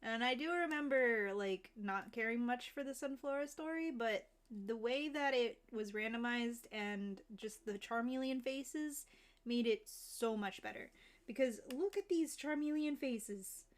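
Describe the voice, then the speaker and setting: Giggly woman streamer, slightly high voice. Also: unhurried, clear, resonant tone. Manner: giggly, laughs often between remarks. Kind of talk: casual chat while drawing.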